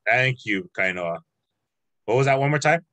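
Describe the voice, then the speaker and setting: A man's voice: medium pitch, expressive, moderate pace, pushed and bright, no room sound, rough recording. A man teaching a language class over a video call, patient and encouraging, drawing out words as he explains.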